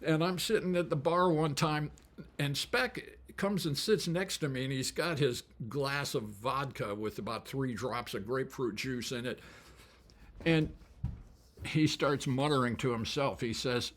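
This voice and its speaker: A man's voice: medium pitch, measured pace, fairly bright tone. Folksy older man telling stories. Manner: folksy, chuckles often while telling. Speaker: musician and storyteller. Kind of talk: casual spoken storytelling.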